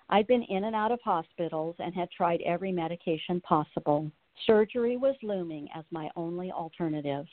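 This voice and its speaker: Late 50s lady guest reading her story, earnest and heartfelt, kinda low voice, tinny phone-call sound. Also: dry recording. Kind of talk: reading her personal story aloud, then chatting.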